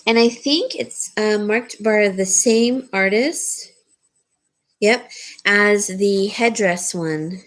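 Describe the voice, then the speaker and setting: A woman's voice: mid-range voice, takes it slowly. A woman casually showing and describing jewelry for sale, rambling with frequent ums and restarts. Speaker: jewelry seller. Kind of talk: casual jewelry showcase talk.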